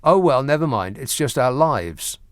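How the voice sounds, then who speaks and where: A man's voice: medium pitch, animated, normal speed, noisy background. A middle-aged man hosting a late-night radio phone-in, reading listener emails and going off on wry, mock-indignant rants full of hesitant restarts. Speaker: radio talk show host. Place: radio studio. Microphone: studio microphone.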